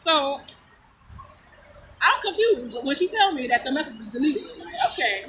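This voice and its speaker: With background noise behind her, a woman vlogger tells a personal story at a moderate pace in a high voice. She is blunt and swears freely, keeps it casual, and laughs a lot during her animated, lively retelling.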